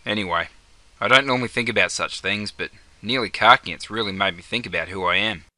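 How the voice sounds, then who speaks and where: In a comedy sketch, a young Australian man voices Jono, a laid-back bloke trading broad slang-laden banter. He speaks briskly in a lowish, sharp voice with no room sound.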